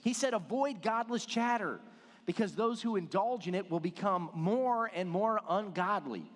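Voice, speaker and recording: Middle-aged pastor guy, high voice, joking sermon stories, echoey church hall. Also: expressive, moderate pace. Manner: storytelling with self-deprecating jokes. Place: church sanctuary. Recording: long hall reverb.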